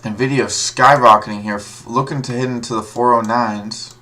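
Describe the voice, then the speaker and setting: A man's voice: mid-range voice, steady tone, normal speed, bright, forceful tone. A man streaming live, giving casual, rambling commentary on stock moves as he reads tickers aloud. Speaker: livestream stock trader.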